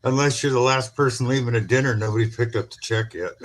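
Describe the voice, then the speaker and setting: A man's voice: medium pitch, steady tone, a little fast. A man co-hosting a casual live stream, adding short dry quips and chuckles.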